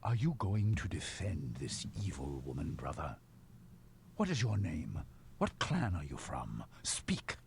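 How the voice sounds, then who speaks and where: A man's voice: very deep voice, huge pitch swings, measured pace, gravelly, a little hiss or hum, heavily acted. An actor playing a proud, wrathful old dwarf king in a video game, with a commanding, suspicious manner. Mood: stern.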